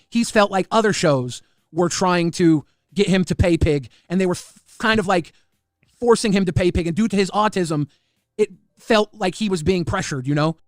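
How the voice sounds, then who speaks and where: A man telling a story in a casual way, fast and full of repeated restarts. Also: sits high, no echo, clean studio sound. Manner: rapid, repetitive restarts. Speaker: guest recounting drama.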